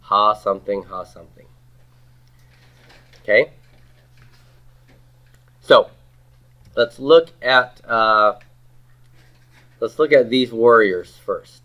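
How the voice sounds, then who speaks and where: This is a classroom lecture with student questions, recorded in slightly dull lo-fi sound. A man with a lowish voice teaches grammar slowly, with long pauses, drilling students, asking questions and repeating their answers.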